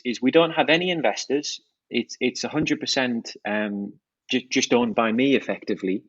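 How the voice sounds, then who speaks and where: A man's voice: mid-range voice, slightly rough, dry recording. Enthusiastic man, slightly dull sound. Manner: enthusiastic, fluent product talk with restarts. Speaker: watch brand founder, guest. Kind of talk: podcast interview.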